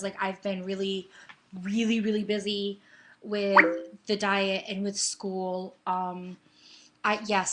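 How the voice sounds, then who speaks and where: A woman's voice: medium pitch, flat delivery, slow pace, a little hiss or hum. A young adult woman giving a candid, rambling personal update in a casual webcam vlog at home. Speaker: vlogger. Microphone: webcam mic.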